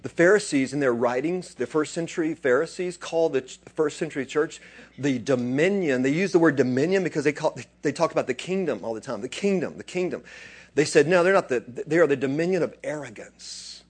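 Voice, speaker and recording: Husky guy preaching, kinda high voice, goes quiet then gets loud and excited. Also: brisk. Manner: swings between quiet asides and loud excited bursts. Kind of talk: animated sermon.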